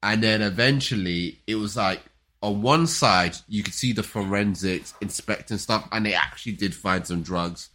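A man's voice: on the low side, normal speed, sharp tone. A man chatting casually, telling a rambling story with frequent stammers and restarts. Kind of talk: casual chat.

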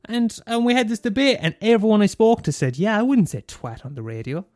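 Brisk and high-sitting, this Irish student radio host in his twenties rants in a sweary, animated way during a casual monologue. Faint music runs behind, and there's no room sound.

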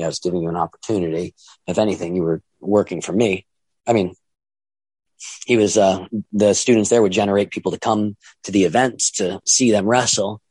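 A man's voice: lowish voice, darkish tone, husky, no echo. Casting note: middle-aged male promoter, rambling storyteller, dry close sound. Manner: rambling, acts out quoted voices. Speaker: wrestling promoter and trainer. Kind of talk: casual storytelling monologue.

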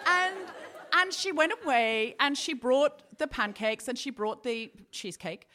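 A woman hosting a comedy show who tells her story with playful, mock-dramatic flair. Her voice is fairly high and very bright. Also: animated, measured pace, some chatter behind. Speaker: comedy podcast host. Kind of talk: comic storytelling.

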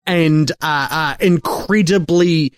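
A male co-host picks apart a film in relaxed conversation, taking his time over every thought. His delivery is halting and wry, and his voice sits a touch high for a man. The recording is close and dead, with no room sound. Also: clear, resonant tone, dry recording. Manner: halting, searching for words, wry. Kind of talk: casual film discussion.

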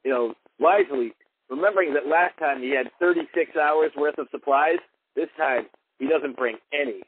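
A man's voice: on the high side, moderate pace. A man recapping a film plot in a chatty, filler-heavy way on a podcast. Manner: chatty retelling, heavy use of like. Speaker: podcast co-host. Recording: tinny phone-like line with faint hiss.

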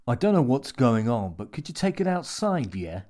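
A man's voice: mid-range voice, big pitch swings, moderate pace, a little mellow, voice pushed up, close to an everyday voice. Man doing a young laid-back barman. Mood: uneasy.

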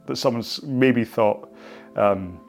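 A man's voice: mid-range voice, slow, creaky, soft background music. A man with a Scottish accent leading a stretching session in a rambling, self-mocking way, laughing often and drifting off on tangents. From Scotland. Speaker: fitness instructor. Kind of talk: rambling casual stretch-class talk. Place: indoors, on the floor while stretching.

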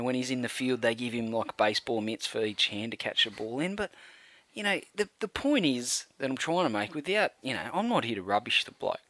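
Australian male co-host, lively mocking rant, swears freely, dry studio sound. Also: medium pitch, dry recording. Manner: animated ranting, mocking, sweary. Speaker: podcast co-host. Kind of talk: casual sports podcast banter.

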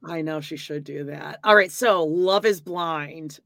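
A woman co-hosting a podcast, chatting casually and gossiping about TV in an animated way. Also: low-pitched, vocal fry, no echo, studio quality. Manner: animated, gossipy, quick reactions. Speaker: podcast co-host. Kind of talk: casual chat.

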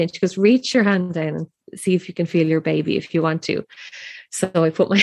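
A woman's voice: fairly low pitch, steady tone, moderate pace. A woman in her thirties casually telling her birth story, chatty and emotional, with many fillers and restarts.

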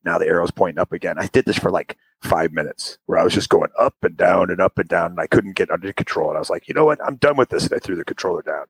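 A young man telling a long casual story over a call, acting out the quotes with sudden high voices. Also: fast, creaky, few pauses, slightly rough, dry recording, poor audio. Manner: animated, acts out quotes with big jumps in pitch. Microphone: remote call audio.

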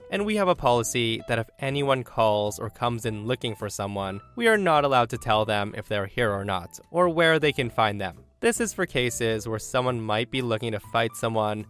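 Male host narrating stories, expressive delivery, smooth clear tone, soft music underneath. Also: mid-range voice. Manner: animated, expressive storytelling. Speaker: story channel host.

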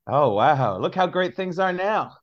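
A man's voice: on the high side, a little slow, muffled recording. A man in his forties, a stand-up comedian, chatting as a podcast guest, telling stories with acted-out voices and lots of laughter. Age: 40s. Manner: animated storyteller, acts out voices, laughs a lot. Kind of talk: casual comedy podcast chat.

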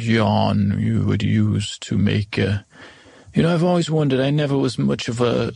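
A man playing a gravelly, rambling fantasy adventurer. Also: lowish voice, darkish tone, no room sound, heavily acted. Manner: digressive, loses the thread, many restarts. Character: rambling, easily sidetracked fantasy adventurer recounting a quest. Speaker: improv performer. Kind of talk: improvised comedic storytelling in character.

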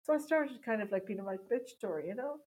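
A woman's voice: fairly high pitch, expressive, fast talker, darkish tone, poor audio. A woman, a stand-up comedian, telling stories in a casual interview and laughing often. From Ireland. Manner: chatty storytelling, laughing often.

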